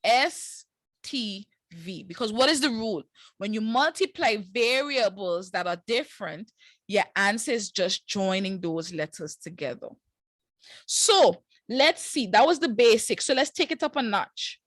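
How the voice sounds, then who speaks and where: A woman's voice: medium pitch, animated, unhurried, fairly bright tone, no echo. A woman teaching a live online math class, walking students through each step in a casual, encouraging way with slang asides.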